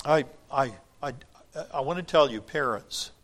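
A man's voice: mid-range voice, measured pace, fairly bright tone. A man preaching a sermon, reading scripture aloud and explaining it with wry asides to the congregation.

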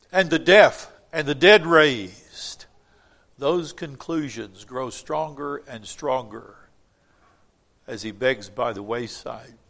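A man preaching a sermon, swinging between loud emphatic lines and hushed ones, with emphatic repetition. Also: mid-range voice.

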